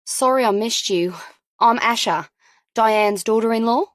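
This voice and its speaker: A woman voicing a friendly, chatty young mum with an Australian accent in an audiobook, talking brightly and briskly. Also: a little high, dry recording, natural voice. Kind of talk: audiobook character voice.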